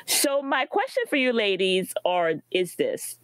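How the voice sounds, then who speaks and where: A woman hosting a casual podcast chat, asking questions eagerly and laughing loudly. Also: mid-range voice, sing-song, a little slow, dry recording. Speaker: podcast host.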